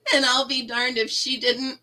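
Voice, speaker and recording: A woman's voice: high voice, bright, forceful tone, poor audio. A middle-aged woman hosting a casual live chat, telling a funny story and laughing often. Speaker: livestream host.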